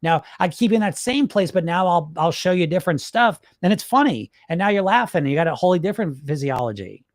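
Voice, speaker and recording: A man's voice: sits high, lively intonation, fast, hardly any pauses, no room sound, studio quality. A man, a hypnotist and weight-loss coach, talking casually and emphatically to viewers, often asking "right?". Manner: conversational, emphatic, frequent "right?" and "folks". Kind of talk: casual direct-to-camera talk.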